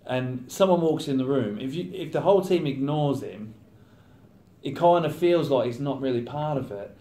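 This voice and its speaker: A man's voice: medium pitch, moderate pace, warm tone. A thirty-year-old man, a professional footballer, chatting casually in an interview and acting out his teammates' banter. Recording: roomy echo.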